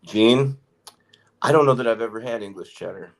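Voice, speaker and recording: A man's voice: medium pitch, normal speed, creaky. A man on a casual chat show, wry and self-deprecating, laughing often.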